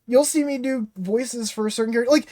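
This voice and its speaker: A content creator talking straight to the viewers in a frustrated, rambling rant, leaning on fillers and casual swearing. The voice sits at a middle pitch. It is recorded close and dry, with no room echo. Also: quick pace, warm tone. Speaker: game reaction content creator. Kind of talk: casual direct-to-camera rant.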